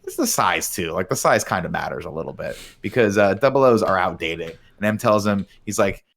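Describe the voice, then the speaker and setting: A man rattles through a movie recap at a quick clip, his voice sitting on the low side. He swears freely and slips into the characters' lines as he tells the story. The tone is loose, casual podcast chat. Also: expressive, creaky, fairly bright tone. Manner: rambling, profane, acts out characters' lines. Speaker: podcast host recapping a film.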